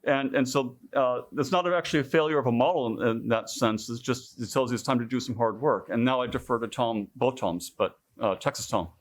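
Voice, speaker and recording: A man making a comment in a scientific workshop discussion, lively and joking, acting out quoted dialogue. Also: medium pitch, brisk, few pauses. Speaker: workshop participant.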